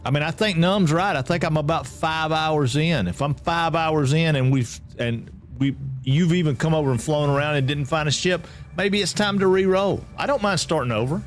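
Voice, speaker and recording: A man's voice: fairly high pitch, moderate pace, few pauses. Man, game streamer, rambling and repetitive, talks to chat, faint background music. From Atlanta, Georgia. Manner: chatty, repeats himself, reads out chat. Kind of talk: casual live-stream chat with viewers.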